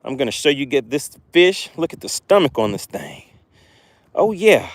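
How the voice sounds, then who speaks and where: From a boat on a wind-swept lake, an excitable man hosts a live fishing stream, talking straight to viewers and eagerly repeating himself. He pitches a bit high, keeps a moderate pace, and the recording has no echo.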